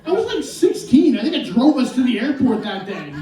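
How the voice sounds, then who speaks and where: Wry stand-up comedian in echoey club. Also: male voice, very high-pitched, big pitch swings, a little fast, mellow, far from the mic. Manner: wry, storytelling, self-deprecating.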